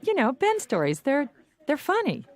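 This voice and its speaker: Friendly laid-back bartender, casual, chatty, very animated pitch. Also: female voice, moderate pace. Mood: easygoing.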